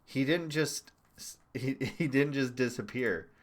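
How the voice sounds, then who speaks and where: A man's voice: medium pitch, takes it slowly. A young man doing casual livestream political commentary: sarcastic, profane, and laughing often.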